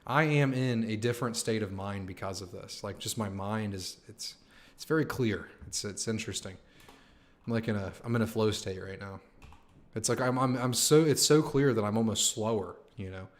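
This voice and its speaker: A young man hosting a live stream, chatting casually with his viewers, excited and slangy, swearing and saying "man" and "dude" a lot. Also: fairly low pitch, normal speed. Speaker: livestream host.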